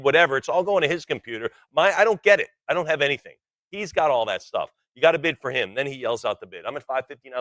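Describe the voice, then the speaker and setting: Auctioneer, man in his 60s, rapid bid chant with playful banter, mid-range voice, dry close mic. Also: medium pitch, a bit bright, dry recording. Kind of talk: live auction calling.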